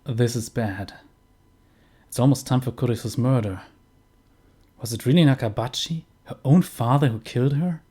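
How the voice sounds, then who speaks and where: A man's voice: medium pitch, normal speed, long pauses, mellow, husky. A man, a let's player reading game text aloud in a tense, urgent way. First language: German.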